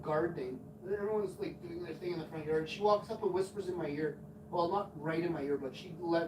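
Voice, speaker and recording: Rambling, swearing male streamer in his forties; off-mic and roomy. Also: fairly high pitch. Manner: crude, rambling, swears often. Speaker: live streamer. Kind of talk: casual storytelling on a live stream. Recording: echoey room, far from mic, noisy.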